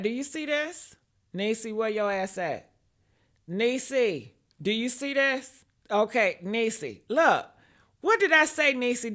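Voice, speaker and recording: Brash, bright-voiced woman commentator. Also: on the high side. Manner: brash, profane, chatty; teasing, talks to viewers by name. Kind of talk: livestream commentary.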